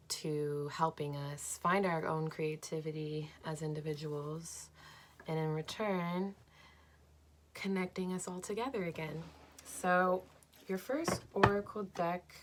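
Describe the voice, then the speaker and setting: A young woman reading tarot cards for her viewers at home, slow and dreamy but enthusiastic, with lots of "like"s. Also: low voice. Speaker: tarot card reader. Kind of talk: pick-a-card tarot reading.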